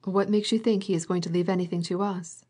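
A woman reading as a calm skeptical young nobleman. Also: fairly low pitch, fast, slightly rough.

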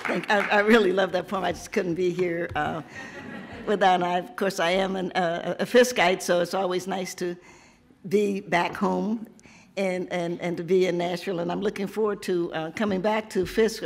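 Hoarse 70-year-old woman poet from Tennessee, reading and chatting, playful, quick to laugh. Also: on the low side, fairly even intonation. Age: 70s. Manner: playful, laughs often, breaks off and restarts her sentences. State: hoarse, has lost her voice. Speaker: poet at an author visit. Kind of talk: poetry reading and chatty talk to an audience. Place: public library event before an audience.

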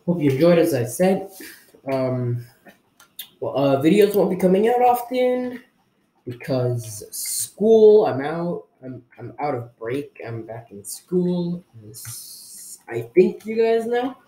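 A man's voice: on the high side, very animated, takes it slowly, mellow, slight background noise. A young man giving rambling, jokey gameplay commentary to his viewers while putting on an unplaced accent for fun. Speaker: gaming video creator.

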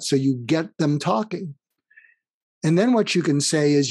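A man's voice: on the high side, animated, a little slow, pauses often, darkish tone, slightly rough, no room sound. A man being interviewed as a guest author, explaining his advice through anecdotes and acted-out dialogue. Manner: explains through stories, acting out quoted dialogue.

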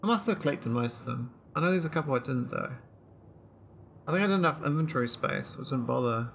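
A man talks through his game session in a loose, rambling way, trailing off and restarting as he thinks aloud. His voice is bright and tense with a gravelly edge, and there is faint noise underneath. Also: medium pitch, animated, quick pace. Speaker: gameplay streamer. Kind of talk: casual let's-play commentary.

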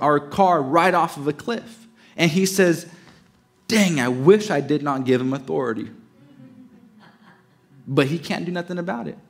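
A man delivering a sermon as pastor, emphatic, swinging from raised to hushed and stretching key words slowly. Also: on the high side.

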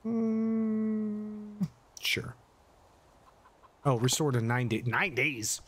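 A man's voice: high voice, little pitch movement, extremely slow, long pauses, a bit bright, slight background noise. Middle-aged man chatting while streaming. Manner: chatty, swears, yelps at jump scares. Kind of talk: casual live gameplay commentary.

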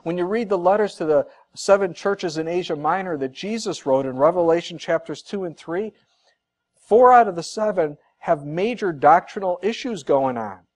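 A man's voice: sits high, lively intonation, normal speed. A man preaching a sermon as pastor, earnest and conversational, repeating points for emphasis with casual asides.

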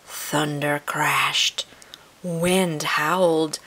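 A woman reading a picture book aloud to children in an expressive storytelling manner. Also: low-pitched, slow, creaky. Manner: warm, expressive read-aloud delivery.

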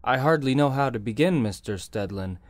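A man voicing a husky, nervous male bank clerk who speaks anxiously and hesitantly in an audiobook. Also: mid-range voice, expressive, brisk, no room sound, clean studio sound, voice pushed up, lightly acted. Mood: distressed. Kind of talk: audiobook character reading.

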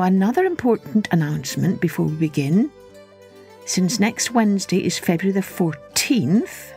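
A woman hosting a children's podcast, telling a story in an expressive, unhurried read-aloud manner. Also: on the low side, creaky.

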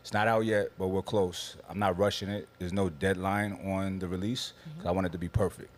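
A man chatting as a podcast guest, relaxed and easygoing, laughing easily. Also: deep voice, brisk. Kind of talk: casual studio chat. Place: studio.

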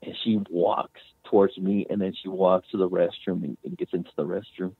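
A man's voice: low voice, little pitch movement, moderate pace, breathy edge, no room sound. A man, a guest author, telling a personal story in a rambling way, restarting often and leaning on "you know" and "man.". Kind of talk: casual storytelling. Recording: phone-like remote line.

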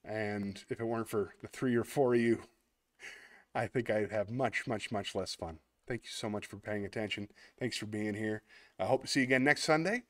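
A man with a lowish, fairly bright voice hosts a casual online show at a moderate pace, chatting while he plays a word game. He thinks aloud and pokes fun at himself as he goes. He closes with a warm, heartfelt thank-you to his viewers.

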